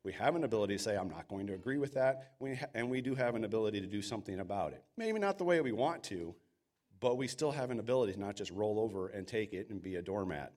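A man's voice: fairly low pitch, expressive, quick pace, a little mellow. A man preaching a sermon in an earnest, emphatic way, sometimes acting out quoted voices. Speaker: pastor.

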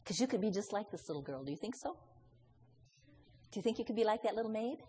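A woman's voice: medium pitch, expressive, quick pace, mellow, long reverb tail. A woman preaching a storytelling sermon, asking her listeners many questions and voicing the characters in the story.

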